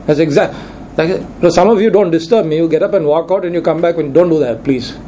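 A man's voice: a little high, quick pace, mellow, slight background noise, rough recording. A man preaching a Sunday sermon in church, repeating key lines for emphasis. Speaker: pastor.

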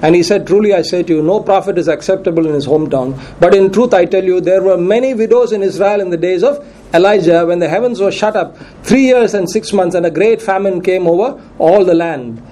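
A man's voice: sits high, fairly quick, dark tone, rough recording. A man preaching a sermon who reads scripture aloud, cites verses and repeats questions to his congregation for emphasis.

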